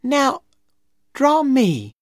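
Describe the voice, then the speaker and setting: A prim young schoolgirl in a read-aloud storybook, sweet and sing-song, as a woman reader voices her. Her voice is pitched high above the reader's own and bounces lively. The delivery is slow, close and dry. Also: no room sound, heavily acted.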